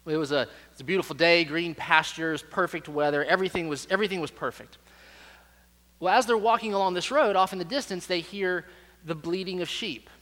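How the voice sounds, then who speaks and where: A man's voice: high-pitched, fairly quick, bright, forceful tone. A man preaching a sermon to a church, telling stories in a conversational way and often repeating words as he goes. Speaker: pastor. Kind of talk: sermon with storytelling. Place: church sanctuary. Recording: reverberant hall.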